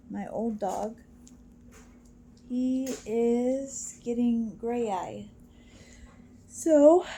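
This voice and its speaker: A woman casually telling a joke she heard, halting with fillers and restarts as she goes. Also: fairly high pitch, warm tone. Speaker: storyteller.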